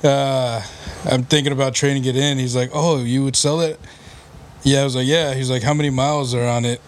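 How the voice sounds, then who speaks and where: A man's voice: mid-range voice, fairly even intonation, a little fast. A young man and podcast co-host telling a sheepish, laughing story in casual chat, swearing freely.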